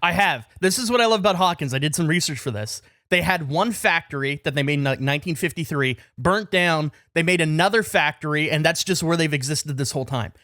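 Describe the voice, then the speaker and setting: A man on a podcast who talks eagerly and explains things, with a high voice. His tone is bright and forward, and the recording is dry. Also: brisk, hardly any pauses, no echo. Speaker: podcast co-host. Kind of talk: casual chat, taste test.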